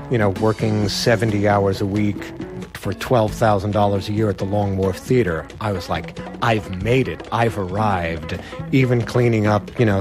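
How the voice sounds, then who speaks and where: A man telling a funny personal story in a wry, animated way, acting out the other people's lines. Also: fairly low pitch. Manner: wry, animated, acts out voices. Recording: music bed behind voice.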